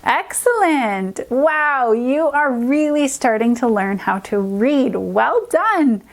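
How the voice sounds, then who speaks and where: Her high-pitched, lively voice carries an energetic lesson for little kids. She's a young woman teaching reading, slowly sounding out each letter and word.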